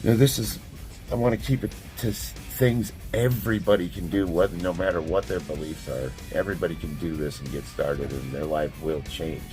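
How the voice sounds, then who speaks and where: Blunt plainspoken man, deep voice, casual motivational vlog delivery. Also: fairly even intonation, normal speed, a little mellow, faint music behind. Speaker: strength athlete giving life advice. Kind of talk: casual motivational talk to camera.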